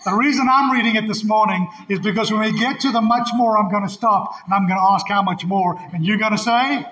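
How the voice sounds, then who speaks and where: A man's voice: high voice, fairly quick, sharp tone. A man from Africa, preaching a sermon as pastor with emphatic call-and-response. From South Africa. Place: church sanctuary. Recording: long church hall reverb.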